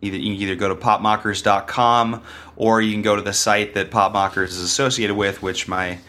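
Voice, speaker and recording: A man sits in as a guest on a casual podcast, his voice scratchy from a cold. He speaks low but with a bright, forceful tone. His phrasing is halting and courteous, dotted with uhs. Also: fairly even intonation. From Sacramento area, US. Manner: halting, many uhs, polite.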